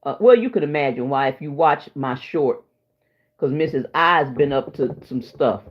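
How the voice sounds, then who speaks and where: Running her own stream after a sleepless night, this host chats casually and emotionally with viewers, wandering from point to point. She has a rumbling low voice with lively intonation at a moderate pace, heard through dull, lo-fi stream audio.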